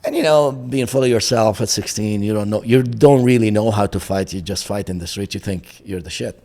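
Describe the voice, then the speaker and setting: A man's voice: on the low side, a little fast, vocal fry, warm tone. A middle-aged man, a boxing coach on a podcast, telling a story with animation, acting out the dialogue and often laughing.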